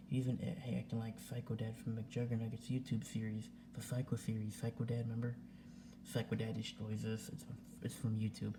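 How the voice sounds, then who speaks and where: At home, a young male vlogger rants casually into his camera in a medium-pitched voice, with background noise in the recording. He sounds agitated, repeats himself, and swears as he goes.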